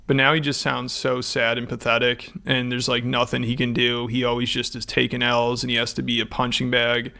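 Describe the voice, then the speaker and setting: Man, scripted sarcastic commentary, flat delivery, gravelly fry. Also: mid-range voice, normal speed, few pauses. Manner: mocking, sarcastic. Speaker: commentary video narrator.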